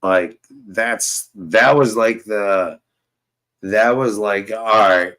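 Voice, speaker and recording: A man's voice: lowish voice, extremely slow, a bit bright, poor audio. A young man telling rambling, profane stories in casual chat with a friend. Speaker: host.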